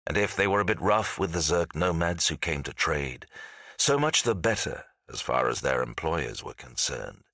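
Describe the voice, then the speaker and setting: A man reading fantasy fiction aloud as an audiobook narrator, with a measured, dramatic storytelling delivery. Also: low voice, bright, forceful tone, dry recording, clean studio sound.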